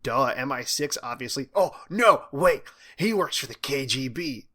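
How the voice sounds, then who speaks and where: A man's voice: medium pitch, lively intonation, measured pace, pushed and bright. A man reading the part of a wisecracking, imaginative teenage boy in a playful, conspiratorial way.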